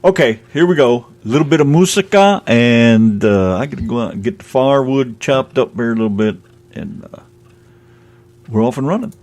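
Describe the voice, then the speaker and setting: A man's voice: mid-range voice, expressive, normal speed, a little mellow, slight background noise. A man hosting a casual radio show, chatting in a rambling way and laughing often. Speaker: host.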